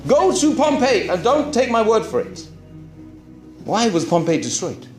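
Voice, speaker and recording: A man, a Muslim preacher, telling his story to a live audience in an animated way, full of rhetorical questions. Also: sits high, a little slow, echoey room, over music. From Britain.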